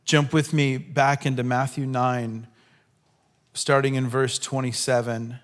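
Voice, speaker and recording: Slow, animated man preaching. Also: medium pitch. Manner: animated, acts out quotes, swings from loud to hushed. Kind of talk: sermon. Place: church hall.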